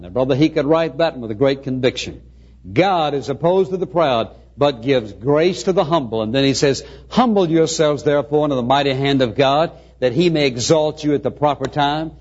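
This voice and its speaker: A man preaching a sermon, swinging between quiet asides and emphatic rising lines. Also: a little high, animated, moderate pace. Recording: dull lo-fi recording.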